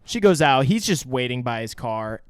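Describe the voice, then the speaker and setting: A man co-hosting a podcast, recapping a film in casual, excitable talk with heavy swearing. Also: medium pitch, moderate pace, clear, resonant tone, no echo, studio quality. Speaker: podcast co-host.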